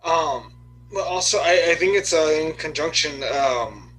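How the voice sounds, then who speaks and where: A man's voice: fairly high pitch, expressive, a little slow, a bit bright, poor audio. Easygoing young man with faint hum. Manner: easygoing, hesitant, fillers. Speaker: podcast co-host. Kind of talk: casual movie review chat.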